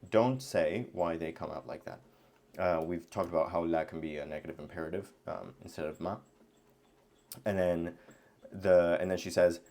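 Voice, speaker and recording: A man's voice: deep voice, fairly even intonation, moderate pace, darkish tone. A man teaching a language lesson at his computer, talking casually and thinking aloud, with many fillers and restarts. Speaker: Arabic teacher.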